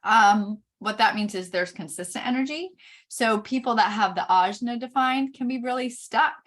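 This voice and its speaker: A middle-aged woman giving a chart reading, explaining each point slowly with frequent pauses. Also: on the high side, a bit bright. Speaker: Human Design reader.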